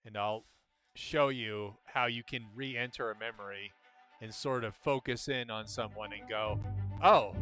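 Guy streaming a game, mid-pitch voice, talking to himself, music playing clearly behind him. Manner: chatty, thinking aloud, quick pitch jumps when excited. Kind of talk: casual gameplay commentary.

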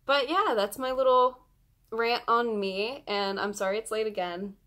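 A young woman vlogging in a casual chat, gushing excitedly as a fan. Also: fairly high pitch, unhurried.

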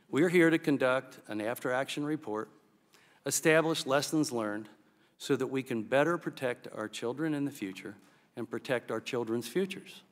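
A man chairing a congressional subcommittee, reading a measured, formal opening statement. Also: medium pitch, a bit bright. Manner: measured, procedural. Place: congressional hearing room. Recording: reverberant hearing room.

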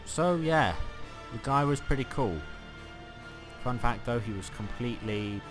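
A man's voice: medium pitch, lively intonation, measured pace, faint music behind. A man giving chatty, sarcastic running commentary on a strategy game he is playing. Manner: chatty, sarcastic, mock-exasperated. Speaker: let's play host.

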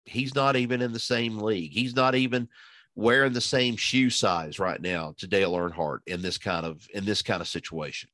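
A man's voice: fairly low pitch, steady tone, normal speed, fairly bright tone, no echo. A man giving casual, rambling racing analysis, full of fillers and restarts as he thinks aloud. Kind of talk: casual podcast chat.

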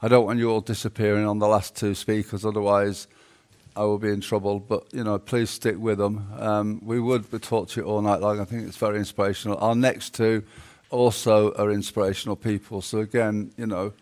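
A man's voice: fairly low pitch, level tone, fairly quick, darkish tone. A man hosting a conference panel in an upbeat, chatty way. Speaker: panel host.

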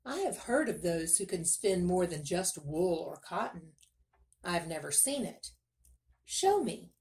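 A woman's voice: on the low side, sing-song, measured pace. A woman voicing a greedy, cruel king with a nasal voice who gives orders coldly. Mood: commanding. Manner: commanding, quiet and dangerous. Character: cruel greedy male king, cold and menacing.

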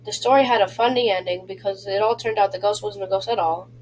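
A woman reading a children's chapter book aloud, in a halting way with frequent slips and restarts. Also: medium pitch, fairly even intonation, darkish tone, slight background noise, poor audio. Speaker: reader.

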